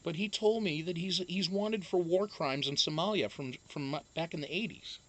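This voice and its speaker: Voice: mid-range voice, moderate pace, a bit bright. A livestream host chatting casually and reading viewer comments aloud, swearing freely, joking and laughing often, with frequent ums.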